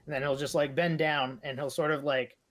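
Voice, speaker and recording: A man's voice: a little high, little pitch movement, brisk, a bit bright. A man playing a character in a tabletop game, loose and joking, acting out his character's lines. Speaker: player. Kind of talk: casual tabletop role-play.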